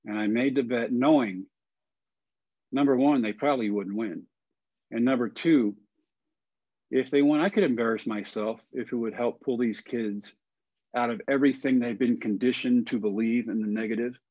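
A man in his forties from Texas tells a story in a folksy way, acting out the people in it as he goes. His voice sits at a middle pitch. The recording is dry and a bit dull on top. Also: normal speed, a little mellow, slightly rough, no echo. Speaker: guest. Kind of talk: storytelling in a podcast interview.

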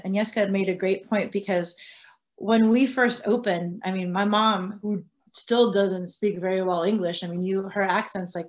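Chatty woman on a muffled video call. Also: mid-range voice. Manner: animated, chatty storytelling. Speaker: restaurant owner. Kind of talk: panel discussion.

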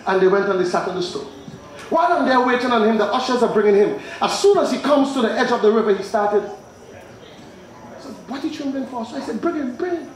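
A man preaching an evangelistic sermon, telling stories and quizzing the congregation, building to shouts. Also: very high-pitched, expressive, fast, slight background noise. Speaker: pastor. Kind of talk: evangelistic sermon with call and response. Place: church or tent with congregation. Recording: very echoey hall with crowd.

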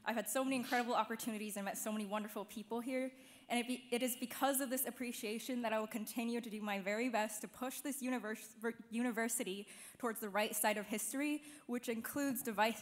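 A woman's voice: fairly high pitch, steady tone, quick pace. A young woman graduate at a podium microphone, tripping over words but speaking with fervent conviction. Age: young adult. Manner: stumbling, then rising to a fervent appeal. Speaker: graduating student. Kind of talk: short graduation speech. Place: large hall at a ceremony. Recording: reverberant hall, faint noise.

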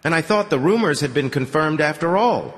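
A sly, smooth-talking musician who teases and insinuates, voiced by a man. His voice sits higher and moves a lot. Long hall reverb on the recording. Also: sing-song, fairly quick, a bit bright.

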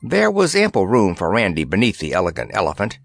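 A man narrating a children's fantasy story in an expressive, animated storytelling manner. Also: lowish voice, fairly quick, gravelly. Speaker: audiobook narrator.

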